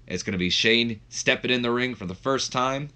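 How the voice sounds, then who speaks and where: Rambling man with a bright, forceful voice. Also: mid-range voice, moderate pace. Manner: rambling, full of fillers. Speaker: gaming video host. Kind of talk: casual game commentary.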